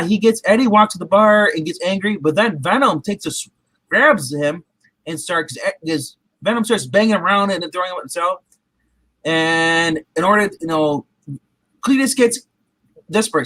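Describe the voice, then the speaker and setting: Bright, high-voiced man chatting casually. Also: moderate pace, no room sound, rough recording. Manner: rambling, restarts, frequent "you know". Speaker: movie reviewer. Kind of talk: casual movie review chat.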